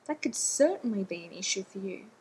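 A woman's voice: mid-range voice, expressive, a little mellow, husky, low-quality recording. A woman reading a story aloud, voicing an anxious, fussy man who rambles and snaps when nervous. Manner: nervous, quick to snap.

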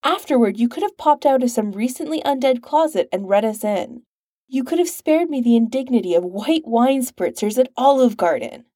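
A woman reading a manic, sarcastic billionaire man, needling and incredulous, pitched up above her own voice. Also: expressive, normal speed, warm tone, no room sound, clean studio sound.

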